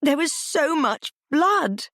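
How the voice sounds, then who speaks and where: A woman's voice: sits low, very animated, normal speed, dry recording, clean studio sound, full character voice. A woman voicing a chatty, irreverent dinner lady in her sixties who speaks in a matter-of-fact way. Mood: distraught.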